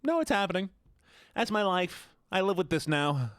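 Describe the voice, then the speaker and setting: Man, streamer, nasal, playful, teasing, animated, dry close sound. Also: sits high, moderate pace, dry recording. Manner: playful, joking, teasing chat. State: nasal, stuffed-up. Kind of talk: casual live-stream chatter.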